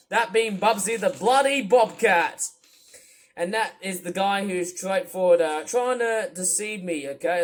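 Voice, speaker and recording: A man giving rambling reaction commentary, exasperated and full of swearing. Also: high voice. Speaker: video commentator.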